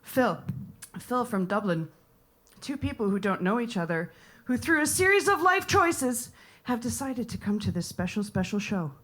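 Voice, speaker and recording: A woman's voice: on the high side, very animated, normal speed, a bit bright. A young American woman performing a rambling, playful stand-up set. She talks straight to the audience and drops into whispered asides. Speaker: comedian and improviser. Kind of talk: stand-up set at a live comedy night.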